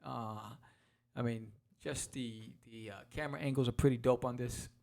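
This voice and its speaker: A man hosting a podcast, walking casually through a comic book and acting out its quotes in quick voices. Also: mid-range voice, fairly even intonation, vocal fry, a little mellow. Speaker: podcast host.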